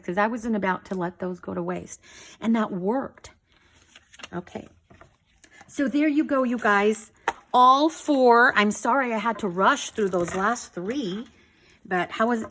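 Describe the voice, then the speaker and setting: A woman hosting a casual craft flip-through video, excited and gushing, often saying "you guys" and a little out of breath. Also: mid-range voice, slight background noise. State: slightly out of breath. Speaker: craft channel host.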